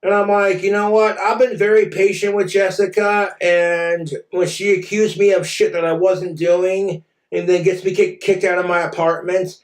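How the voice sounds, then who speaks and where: A man streaming, ranting bitterly and with exasperation. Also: high voice. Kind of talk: angry rant on a stream. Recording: echoey room, far from mic.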